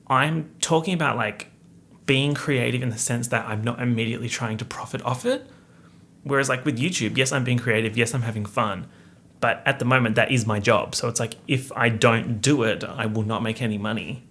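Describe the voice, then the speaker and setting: A man's voice: medium pitch, moderate pace, a bit bright, slight background noise. A young man, hosting a casual solo podcast chat full of playful slang and asides. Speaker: podcast host.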